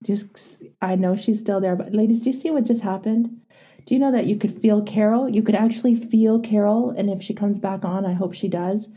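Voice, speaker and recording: A woman coach with a warm, mellow tone and a husky edge. She talks in a direct, encouraging way as she leads a live group session. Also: medium pitch, normal speed.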